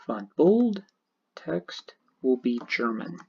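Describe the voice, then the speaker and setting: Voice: medium pitch, very animated, slow pace, vocal fry, warm tone, a little hiss or hum. A programming teacher narrating a screencast tutorial, explaining each step methodically. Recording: dull lo-fi screen recording.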